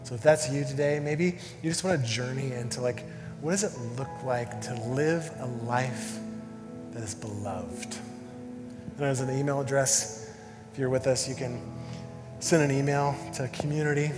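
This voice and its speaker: A man's voice: medium pitch, big-room sound. A man in his thirties preaching a sermon, telling a family story with acted-out voices and sound effects. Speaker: pastor. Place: church hall.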